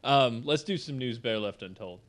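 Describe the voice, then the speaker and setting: A man's voice: mid-range voice, a little fast. A man from the southern United States co-hosting a comedy podcast, reading news stories aloud and riffing on them with jokes. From South Alabama and Georgia. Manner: joking, animated, reads news aloud then riffs. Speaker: podcast co-host.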